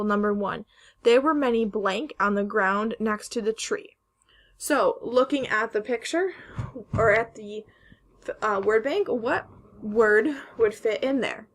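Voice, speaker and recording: A woman teacher giving a recorded phonics lesson to young children, slowly stretching out words to model their sounds. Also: fairly high pitch. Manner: slow, careful, stretching sounds to model pronunciation.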